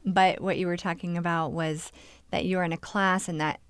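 A woman's voice: on the low side, steady tone, moderate pace, smooth, no room sound. A woman radio interviewer who reads scripted narration and asks plain, curious questions.

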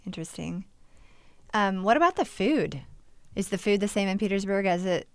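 A woman's voice: mid-range voice, lively intonation, normal speed, no room sound, clean studio sound. A woman radio interviewer who reads scripted narration and asks plain, curious questions.

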